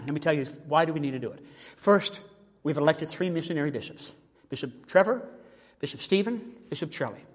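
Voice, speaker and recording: An older man preaching a folksy sermon on giving, calling on people in the pews by name. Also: fairly high pitch. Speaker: visiting bishop's envoy preaching on tithing. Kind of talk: sermon with audience participation. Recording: long church reverb.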